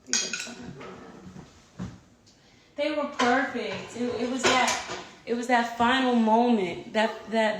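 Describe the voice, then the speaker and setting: A woman's voice: on the high side, noisy background. A woman in her thirties chatting casually to camera at home, candid and rambling, swearing freely. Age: 30s. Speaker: singer filming herself at home. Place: home with a yard.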